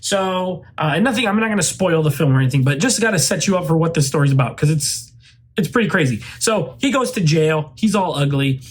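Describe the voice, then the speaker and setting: A man's voice: fairly high pitch, lively intonation, brisk, breathy edge. A man hosting his own channel, giving a loose, rambling spoken movie review full of "like" and "uh" fillers. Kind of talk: casual spoken film review.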